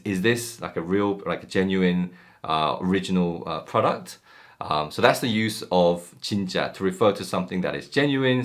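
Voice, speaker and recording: Male language teacher, low voice with lively swings, loose and chatty with lots of fillers. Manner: relaxed, many ums and uhs, acts out example phrases. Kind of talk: casual explanatory lesson.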